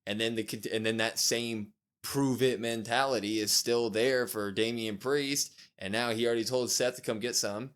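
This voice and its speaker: A man's voice: medium pitch, normal speed, clean tone. A man co-hosting a casual wrestling review podcast, recapping the show and acting out what the wrestlers said. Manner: animated retelling, acts out wrestlers' lines. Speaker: podcast co-host.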